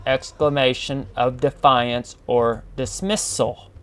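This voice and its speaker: A man's voice: mid-range voice, steady tone, clean tone, soft background music. A man hosting a casual podcast monologue, reading definitions aloud and calling the listener man and bro. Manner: slow, drawn-out, addresses listener as man and bro. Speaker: podcast host.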